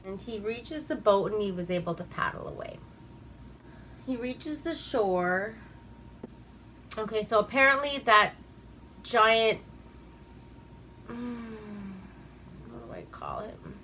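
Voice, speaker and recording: A woman rambles through a casual movie recap, swearing freely and laughing at her own asides. Her voice is bright and crisp, and she talks at an unhurried pace. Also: mid-range voice, sing-song, a little hiss or hum. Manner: profane, rambling, laughs at herself. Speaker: movie reviewer.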